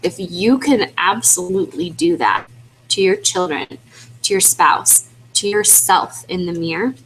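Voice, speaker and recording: A woman's voice: fairly low pitch, measured pace, a little hiss or hum, rough recording. A woman leading a motivational webinar, talking earnestly and pleading with her team, casual with fillers. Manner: earnest, pleading, repetitive exhortation. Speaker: team leader for independent distributors.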